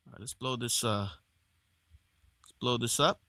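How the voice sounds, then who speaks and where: A man calling live baseball play-by-play on a stream, excitable on big plays and chatting casually with viewers between pitches. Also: measured pace, vocal fry, dry recording, clean studio sound.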